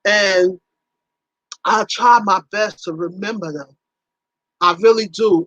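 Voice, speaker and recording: A woman's voice: medium pitch, no room sound, rough recording. A woman hosting a casual livestream, chatting in a folksy way with her viewers and acting out little conversations. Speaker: livestream host.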